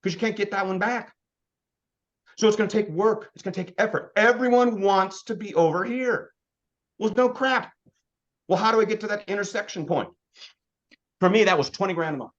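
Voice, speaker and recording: Punchy man in his fifties pitching. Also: fairly quick, dull audio. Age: 50s. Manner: energetic, punchy, full of rhetorical questions. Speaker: sales trainer. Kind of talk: motivational business presentation.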